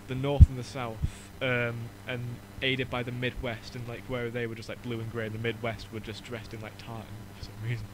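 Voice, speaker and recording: Brief: young Northern English host, mid-pitched, wry mocking banter, audible background noise. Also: male voice, level tone. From Northern England. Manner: joking, rambling, quick to mock. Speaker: podcast host. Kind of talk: casual chat.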